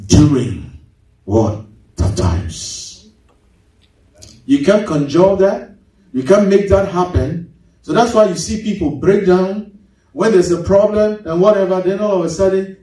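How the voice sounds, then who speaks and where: A man preaching a sermon as pastor, swinging his pitch sharply and mimicking congregants. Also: expressive, unhurried, long pauses, darkish tone. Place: large church hall. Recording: echoey hall, mic at a distance.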